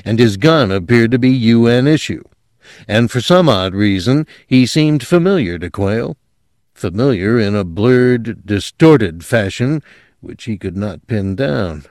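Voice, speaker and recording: Man reading a story out loud, really animated, dry close mic. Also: on the low side, measured pace, no room sound. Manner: expressive, dramatic reading. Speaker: narrator. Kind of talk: audiobook narration.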